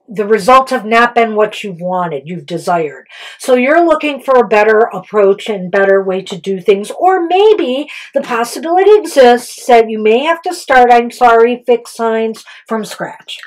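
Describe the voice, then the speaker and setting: Female tarot co-host, slightly high voice, relaxed chatty delivery full of fillers and restarts. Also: rough recording. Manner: chatty, loose, with many fillers and self-corrections. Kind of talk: casual tarot reading chat.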